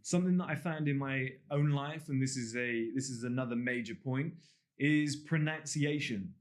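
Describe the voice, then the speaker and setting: Blunt, swearing English coach. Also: male voice, medium pitch, moderate pace. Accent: posh English. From England (Gloucestershire). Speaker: dating and body language coach. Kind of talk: direct-to-camera course talk.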